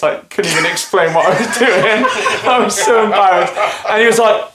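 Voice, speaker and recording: Man, casual podcast chat, rambling, self-deprecating, many fillers, high voice, echoey room. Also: normal speed, few pauses, a bit bright. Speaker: podcast co-host. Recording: echoey room, faint noise.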